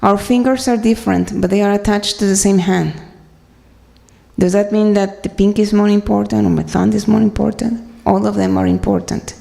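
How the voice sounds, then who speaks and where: A woman's voice: medium pitch, steady tone, vocal fry, dark tone. Earnest woman speaking in a reverberant hall. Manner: earnest, halting, many fillers and restarts. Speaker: speaker sharing at a devotional gathering. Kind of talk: personal talk to a congregation.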